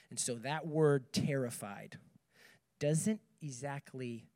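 A man's voice: a little high, normal speed, darkish tone. A young man giving a conversational sermon to a group, reading scripture and checking in with "okay" and "right". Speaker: speaker at a campus ministry meeting.

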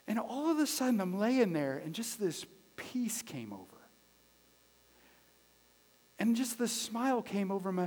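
High-voiced preaching man in a reverberant hall. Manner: conversational preaching that swings from loud emphatic lines to quiet, hushed ones; repeats phrases for emphasis. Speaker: pastor. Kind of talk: sermon. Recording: long reverb of a large hall.

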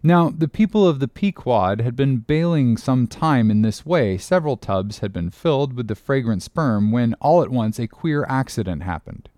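A man narrating an audiobook in a steady, expressive reading voice. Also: medium pitch, moderate pace, few pauses, dry recording. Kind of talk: scripted narration.

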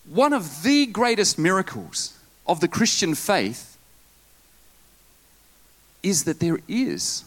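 Lively, animated male preacher. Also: high-pitched, takes it slowly, pauses often. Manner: lively preaching with asides and jokes. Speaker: pastor. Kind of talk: sermon.

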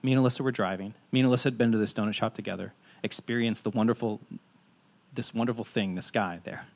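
A man in his thirties, a pastor preaching a sermon in a relaxed, conversational and self-deprecating storytelling way. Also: on the low side, quick pace, vocal fry.

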